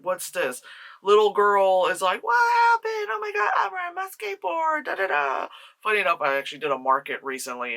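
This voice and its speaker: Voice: mid-range voice, pushed and bright. A movie reviewer who talks casually and rambles, swearing, joking sarcastically and laughing often.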